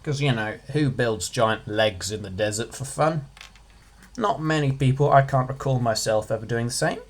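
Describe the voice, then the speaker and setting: A man's voice: medium pitch, moderate pace. A man giving a casual revision lesson as a tutor, chatty, with jokey asides, stressing single words.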